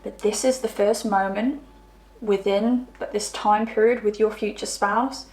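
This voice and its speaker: A woman's voice: medium pitch, fairly even intonation, unhurried, a little mellow. Chatty woman in an echoey room. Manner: chatty, rambling, trips over words. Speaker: tarot reader. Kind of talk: pick-a-card tarot reading. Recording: roomy echo.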